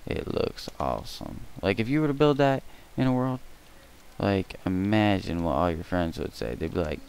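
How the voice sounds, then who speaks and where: A young man rambling through casual building commentary for a gaming tutorial, goofy and joking, with a gravelly voice on a cheap mic. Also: low-pitched, big pitch swings, moderate pace, a little mellow. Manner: goofy, rambling, breaks into silly singing and mock threats. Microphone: cheap mic with echo.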